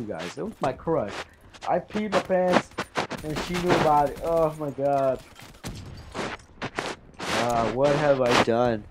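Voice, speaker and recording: A man's voice: medium pitch, very noisy. A fourteen-year-old boy telling an embarrassing story to his viewers, rambling, swearing and calling out "guys". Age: teenager, fourteen. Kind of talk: casual storytelling to camera.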